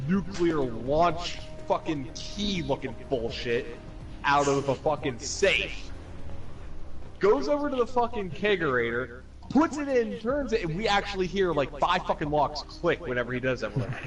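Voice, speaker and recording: A young man telling a profane, animated bar story among friends, swearing constantly and acting out other people's voices. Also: fairly high pitch, measured pace. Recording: distant mic with loud music behind. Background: music.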